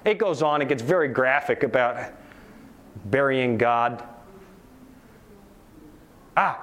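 A male preacher delivering a lively sermon, often asking his audience rhetorical questions. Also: medium pitch, unhurried, long pauses. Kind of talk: sermon lecture to a live audience.

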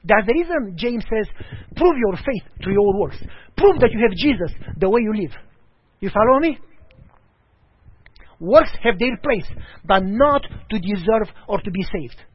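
Male preacher, lively storytelling delivery with voiced dialogue; high, animated pitch. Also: a little slow, pauses often, breathy edge, no echo. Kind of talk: sermon. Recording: dull lo-fi audio.

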